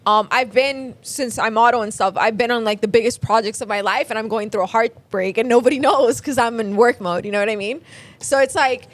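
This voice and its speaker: Chatty young woman, higher voice. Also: fairly quick, no echo. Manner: chatty, many fillers, laughs often. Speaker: podcast guest. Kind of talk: casual chat.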